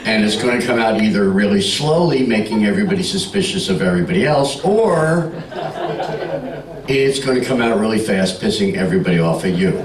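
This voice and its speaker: A male stand-up comic working a club crowd, brash and teasing, his pitch swinging up and down as he sells each joke. He sounds a bit off the mic, with an echoey room around him. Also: lively intonation, a little fast, distant mic. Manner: brash, teasing, bawdy banter with the audience. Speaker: stand-up comedian. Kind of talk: stand-up comedy with crowd work. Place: comedy club stage.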